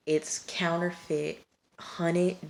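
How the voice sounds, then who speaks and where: Her voice sits on the low side with little pitch movement, drawn-out words and a darkish tone, over slight background noise. Late at night at home, she reviews a TV episode in a casual recap to camera, talking directly to viewers and scolding the characters.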